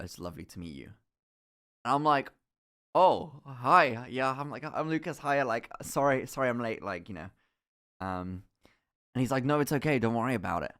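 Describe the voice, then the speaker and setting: A young man streaming from home, telling a story in a casual, animated way, full of laughs, swearing and acted-out quotes. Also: medium pitch. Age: young adult.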